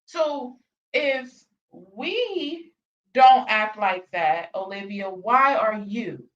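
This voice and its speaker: A woman's voice: fairly high pitch, animated, very slow, fairly bright tone. Blunt profane woman, distant lo-fi mic. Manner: blunt, profane, repetitive emphasis. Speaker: reaction channel host. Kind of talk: reaction commentary rant.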